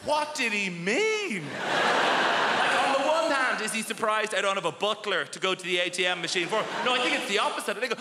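A man's voice: sits high, lively intonation, brisk, heavy background noise. A man performing a stand-up comedy set in a theatre, telling stories with punchy timing and acting out quoted voices. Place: large theatre stage. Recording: echoey theatre with loud audience. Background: audience laughter.

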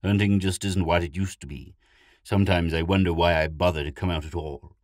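A man with a deep voice voicing a fretful, wealthy middle-aged male hunter who grumbles and complains in a storybook reading. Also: fairly even intonation, fairly quick, darkish tone, no echo, studio quality, natural voice. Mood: weary.

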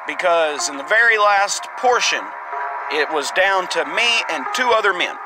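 Man, casual gameplay chatter, rambling, game music clearly behind. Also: high-pitched, measured pace, rough recording. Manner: rambling, reads game text in a flat plain voice. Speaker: gamer playing a survival game. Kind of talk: casual gameplay commentary and reading game text aloud.

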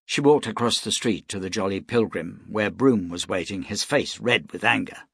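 A man narrating an audiobook in a steady, even storytelling manner. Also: on the low side, moderate pace, gravelly, few pauses, slightly rough, dry recording, clean studio sound. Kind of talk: scripted narration.

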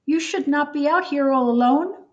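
A woman voicing a big, gentle, furry male elephant-like creature in a storybook read-aloud. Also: sits high, normal speed, recorded from a distance, muffled recording, pitched above the performer's own voice, natural voice. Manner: kind and caring.

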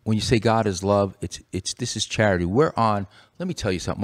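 A man's voice: lowish voice, fast talker. A man co-hosting a Christian radio talk program, preaching with passion and repeating phrases for emphasis. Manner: impassioned, rising to forceful emphasis. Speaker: radio show co-host.

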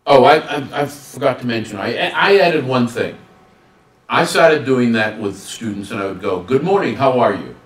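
A man presents a staff workshop with a lively, swooping voice and plenty of humor. He keeps acting out short exchanges. The sound is roomy and picked up from a distance. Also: mid-range voice, moderate pace. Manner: animated, acts out dialogues with humor. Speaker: guest speaker on student service. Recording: roomy hall, distant mic.

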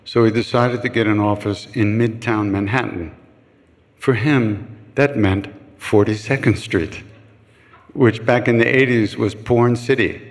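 Older guy with a gravelly low voice telling funny frank stories, big reverby hall. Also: steady tone, unhurried. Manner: anecdotal, frank and joking, acts out quoted voices. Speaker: chant leader answering questions. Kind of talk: casual storytelling talk. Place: retreat hall with a live audience. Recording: long reverb of a large room.

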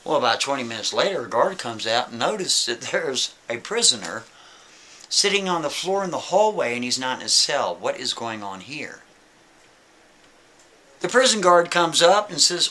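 A man telling a story in a casual, chatty way, with animated asides. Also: mid-range voice, moderate pace.

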